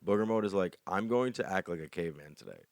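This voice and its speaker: A man's voice: low voice, expressive, fast, dry recording, studio quality. A young man co-hosting a podcast in casual, rambling chat, joking and leaning hard on "like". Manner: rambling, joking, heavy use of "like". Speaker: podcast co-host.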